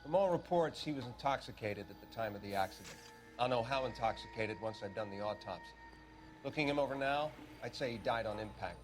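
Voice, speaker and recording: A man's voice: medium pitch, animated, a little fast, over music, close to an everyday voice. An actor playing a sardonic male coroner in a 1940s crime game, matter-of-fact about the dead.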